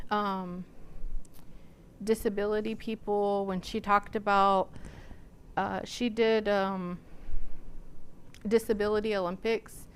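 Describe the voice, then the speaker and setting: A woman's voice: mid-range voice, a bit bright, slight background noise. A woman from Nebraska giving a lecture as a college student services coordinator. She tells personal stories in a conversational way, with frequent fillers. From Nebraska, United States. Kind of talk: storytelling lecture.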